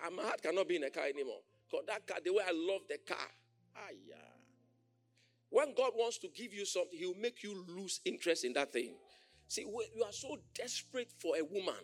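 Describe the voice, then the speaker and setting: Animated preacher man, lively pitch. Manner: animated, shouting and laughing, mimicking others. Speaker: pastor. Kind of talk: sermon.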